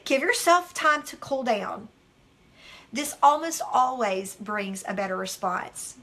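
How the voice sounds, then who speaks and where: A middle-aged woman giving a devotional teaching talk, telling candid stories with animated delivery and acting out what people said. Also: on the high side, slow. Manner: animated, candid storytelling that acts out its own quotes. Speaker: devotional author and speaker.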